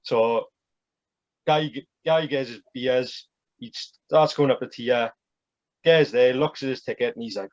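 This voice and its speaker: A man's voice: medium pitch, unhurried, dry recording, highs cut off. A man as a podcast guest, chatting casually and rambling with lots of fillers.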